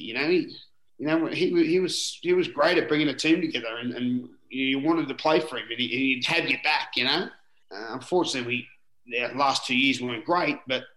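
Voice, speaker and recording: In an echoing, roomy room, a former rugby league player, a middle-aged Australian, rambles through stories during a relaxed interview. He says "you know" a lot and swears now and then, his medium-pitched voice bright and forceful.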